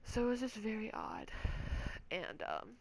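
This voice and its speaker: A woman's voice: on the high side, animated, measured pace, creaky, a little hiss or hum. Woman ranting, rambling and swearing. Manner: rambling, swears often, says "like" constantly. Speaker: gamer vlogger. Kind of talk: casual rant. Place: at home.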